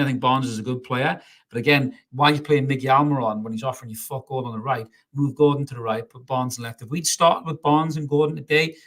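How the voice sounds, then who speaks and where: A man hosting a live football reaction stream, ranting bluntly, swearing and reading out viewer comments. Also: mid-range voice. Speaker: football fan channel host. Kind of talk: live match reaction rant.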